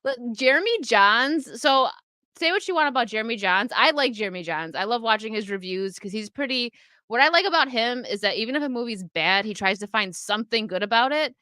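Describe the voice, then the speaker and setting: A woman's voice: on the high side, animated, fairly quick, sharp tone, no room sound, clean studio sound. A woman chatting casually on her livestream, reacting to chat and laughing often into a desk microphone. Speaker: streamer chatting with live chat.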